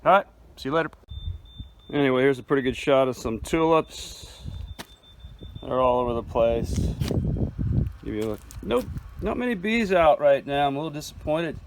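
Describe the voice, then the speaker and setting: A man's voice: medium pitch, animated, normal speed, pauses often, background noise. A man giving a casual, chatty walking tour of his farm garden outdoors, filmed on a handheld phone. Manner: laid-back and chatty, calls viewers man and dude. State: chewing food at times.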